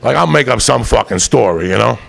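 A man's voice: medium pitch, lively intonation, a little fast. A man telling a rambling, profane comic story, often laughing as he goes. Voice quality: gravelly.

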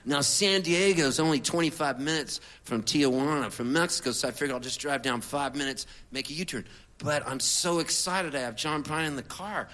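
A man, a singer-songwriter, telling a comic story in an animated, chatty way with laid-back surfer slang. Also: a little high, brisk.

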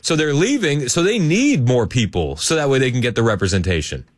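A man's voice: medium pitch, sing-song, fairly quick, no room sound, studio quality. A man, hosting a talk radio show in a chatty, joking way with frequent laughter.

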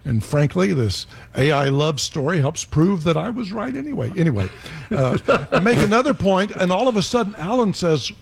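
Older guy, gravelly voice, folksy stories, goes up and down a lot. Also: high-pitched, sing-song, normal speed. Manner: folksy storytelling with stammers.

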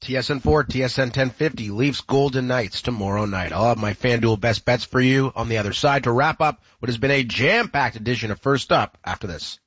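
Husky male sports radio host. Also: medium pitch, a little fast, hardly any pauses, fairly bright tone, highs cut off. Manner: upbeat, introduces clips and segments.

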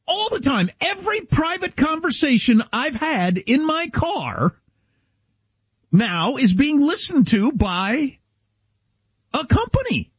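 A man's voice: extremely high pitch, sing-song, slow, no echo, dull audio. A man from Kansas telling a story in casual talk-show chat, quoting dialogue as he goes.

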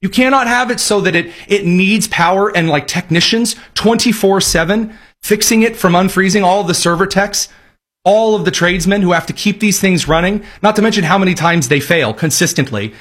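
A man's voice: high voice, fairly quick, fairly bright tone. A man delivering sarcastic, emphatic political commentary in a ranting style. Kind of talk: opinionated commentary.

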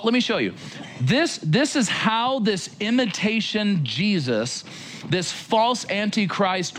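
Animated man giving a chatty Bible teaching. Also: high-pitched, a little hiss or hum. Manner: animated, conversational, addresses listeners directly. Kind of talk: casual sermon-style Bible teaching.

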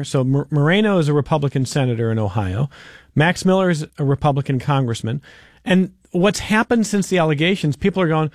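A male news host pressing his guests with rapid questions and setting up a clip. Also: a little high, a little mellow, no room sound, studio quality. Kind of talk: news interview.

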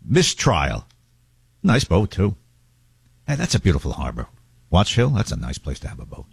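A deep, husky male radio host, rambling through wry asides with lively swings in his pitch. The mic is close and dry, with no room sound at all. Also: brisk, no room sound. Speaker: radio talk show host. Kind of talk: casual talk radio chat.

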